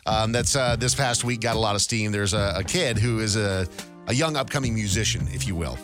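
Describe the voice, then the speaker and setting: A man's voice: lowish voice, fairly quick, music in the background. A man co-hosting a podcast, introducing viral clips in wry, rambling casual chat. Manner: wry, rambling, self-deprecating. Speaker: podcast co-host.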